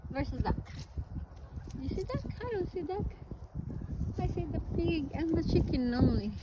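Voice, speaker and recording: A woman's voice: extremely high pitch, expressive, normal speed. A woman from the Philippines filming a casual farm-visit vlog, talking to a child and the animals in a sing-song, coaxing voice. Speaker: vlogger and parent. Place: outdoors at a small farm. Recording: noisy outdoor recording.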